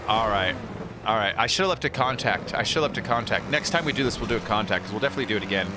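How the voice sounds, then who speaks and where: A man's voice: fairly low pitch, lively intonation, very fast, background noise. A man streaming a racing game, chatting casually, rambling and laughing as he reads chat aloud.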